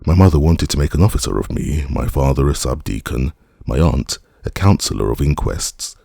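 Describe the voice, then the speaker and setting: A man's voice: very deep voice, expressive, moderate pace, vocal fry, warm tone, breathy edge, dry recording, clean studio sound, full character voice. A man voicing a boastful young male rogue in armor in an audiobook, with rowdy, swaggering declamation.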